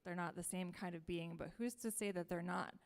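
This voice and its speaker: A woman's voice: lowish voice, fairly even intonation, fairly quick, creaky. A woman sharing reflections in a circle, speaking in a searching, reflective way. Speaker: circle participant. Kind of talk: personal sharing.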